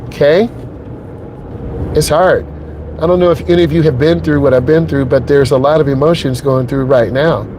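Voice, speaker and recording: A man's voice: fairly high pitch, steady tone, normal speed, background noise. Emotional middle-aged man talking while driving. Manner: emotional, earnest, repeats points, asks "okay?". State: emotionally shaken. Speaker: driving instructor vlogger. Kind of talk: casual talk to viewers while driving. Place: inside a truck on the road.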